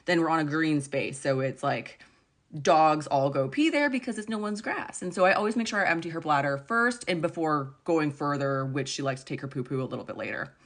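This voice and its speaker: A woman in her thirties telling a story to camera in a chatty, animated way, full of "like"s. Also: deep voice, brisk. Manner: chatty, animated retelling with many "like"s. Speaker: vlogger. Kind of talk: casual storytime chat.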